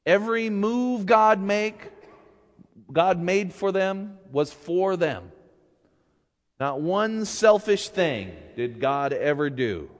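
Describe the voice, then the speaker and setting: A man's voice: high voice, animated, slow pace, in a large hall. A man, a pastor, preaching a sermon who reads scripture and then retells it in a casual, joking way.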